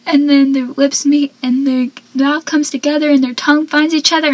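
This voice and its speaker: A young woman casually recapping a TV episode, chatty and laughing often, with animated asides. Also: sits high, normal speed, hardly any pauses, slight background noise, rough recording.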